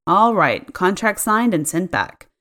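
A woman's voice: medium pitch, sing-song, unhurried, fairly bright tone. A woman voicing a nervous, rambling middle-aged husband who stammers and hesitates as he talks.

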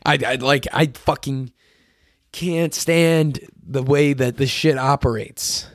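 A young man with a hoarse, tired voice rants into the mic, swearing freely and sounding fed up. He sits in the middle range for pitch. The recording is close and dry, with no room sound. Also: slow pace, no echo. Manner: profane, frustrated ranting, mocking others in put-on voices. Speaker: solo podcast host. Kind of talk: ranting solo podcast monologue. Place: his bedroom.

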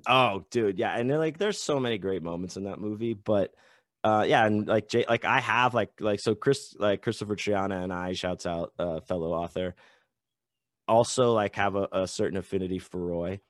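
A man talking as a guest author in a casual podcast chat, loose and animated, swearing and saying "like" a lot. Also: lowish voice, normal speed, no echo, clean studio sound.

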